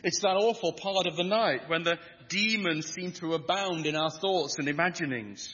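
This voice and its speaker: A man's voice: on the high side, normal speed, fairly bright tone. A man preaching a sermon with an emphatic, rhythmic delivery that builds on repetition. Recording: dull lo-fi sound with long hall reverb.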